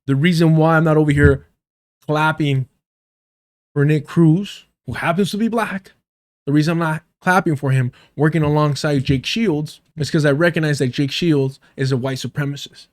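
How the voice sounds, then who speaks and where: Profane, heated commentary guy, slightly high voice. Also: fairly even intonation, a little fast, few pauses. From United States. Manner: heated, profane, sarcastic ranting. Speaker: political commentary streamer. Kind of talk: livestream debate commentary.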